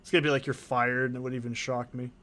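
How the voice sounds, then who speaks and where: A man's voice: medium pitch, flat delivery, racing, fairly bright tone. A man hosting a game let's play, chatting casually in a rambling, profane, joking way. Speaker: gaming channel host.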